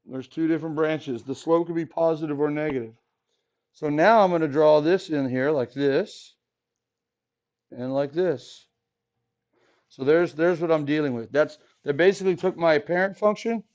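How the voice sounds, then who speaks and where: In this classroom lesson, a man with a slightly high voice teaches math at a moderate pace, sounding a little mellow. He keeps things casual with little jokes and frequent questions to the students, and the dull, lo-fi recording seems taken from the back of the room.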